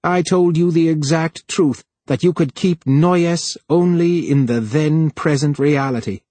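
A man's voice: unhurried, mellow, no echo. A man putting on a fussy plump scheming official. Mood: scornful. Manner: higher, fussy, pleading voice. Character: plump scheming male computer official, cowardly.

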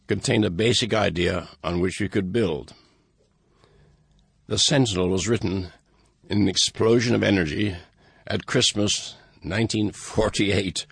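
Low, gravelly-voiced man with wry dryness. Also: a bit bright, no echo. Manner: dry, wry and measured. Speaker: author introducing his book. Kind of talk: recorded introduction, read aloud.

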